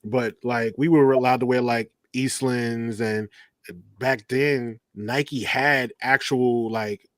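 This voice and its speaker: A man's voice: mid-range voice, takes it slowly, dry recording. A man in a casual chat telling stories with energy, acting out the people he quotes. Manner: energetic storytelling, acts out quoted voices.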